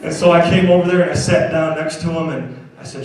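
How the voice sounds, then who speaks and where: A man with a fairly high, darkish voice talks quickly and with fairly even intonation. He's a motivational speaker telling stories to schoolchildren at an assembly, earnestly seeking the crowd's agreement. He's heard from far off in a very echoey hall.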